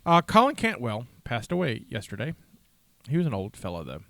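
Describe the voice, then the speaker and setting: A man co-hosting a casual fan podcast, loud and jokey, laughing often and swearing offhandedly. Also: mid-range voice, huge pitch swings, fairly quick, vocal fry, no echo. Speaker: podcast co-host. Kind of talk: casual chat.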